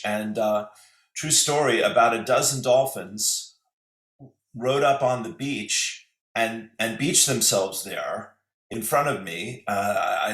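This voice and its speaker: A man talks in a relaxed, meandering way, full of "um" and "uh" and restarted phrases. His voice sits at an ordinary middle pitch. It sounds like an online call picked up in a room with a noticeable echo. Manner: rambling, hesitant, with many fillers and restarts. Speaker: guest. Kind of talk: casual spiritual conversation. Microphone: video call.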